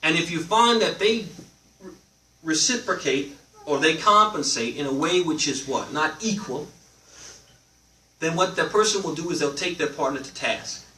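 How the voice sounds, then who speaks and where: A man teaching a live religious class, animated, often asking his listeners questions and letting them answer. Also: a little high, normal speed, pauses often. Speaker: Islamic teacher. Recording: roomy, from a distance, faint noise.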